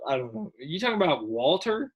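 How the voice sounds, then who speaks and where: A man's voice: sits high, very animated, quick pace, creaky, lo-fi sound, slight background noise. A young man co-hosting a podcast, laid-back and joking in casual chat. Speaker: podcast co-host.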